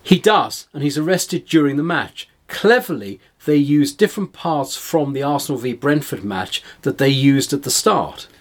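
A man co-hosting a podcast, calmly retelling a film plot in a measured storytelling way. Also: on the high side. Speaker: podcast co-host. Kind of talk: film discussion chat.

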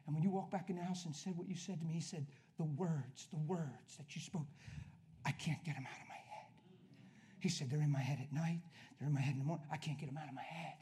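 A man preaching a sermon to a room, telling a personal story and swinging from hushed, soft lines to loud emphatic ones. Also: fairly high pitch, fast. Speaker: pastor.

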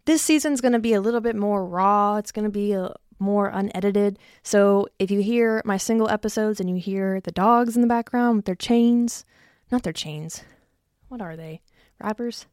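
A woman's voice: mid-range voice, a little mellow, clean tone, no room sound, studio quality. Breathless, swearing woman podcast host. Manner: chatty, self-mocking, swears freely. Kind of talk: casual solo podcast chat. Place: home basement.

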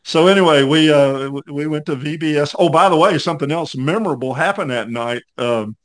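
A man's voice: a little high, fairly quick. An older man hosting a podcast, telling a story in a folksy, rambling way with many fillers. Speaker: podcast host. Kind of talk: casual storytelling interview.

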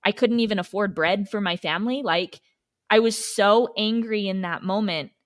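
A woman's voice: mid-range voice, moderate pace. A woman co-hosting a podcast, telling stories in an earnest, motivational way. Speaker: podcast co-host. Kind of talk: casual chat.

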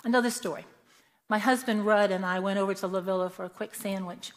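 A woman's voice: mid-range voice, steady tone, quick pace. Earnest woman telling stories in a church. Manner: earnest storyteller who acts out the people in her stories. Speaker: church member giving a testimony. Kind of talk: prepared church talk with personal stories. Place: church sanctuary. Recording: long church reverb.

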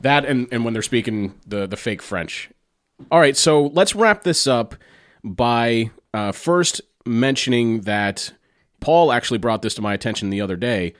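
A man's voice: mid-range voice, lively intonation, measured pace, no room sound, studio quality. A man co-hosting a podcast, giving opinionated casual talk about comedy films with fillers. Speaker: podcast co-host. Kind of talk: casual movie discussion.

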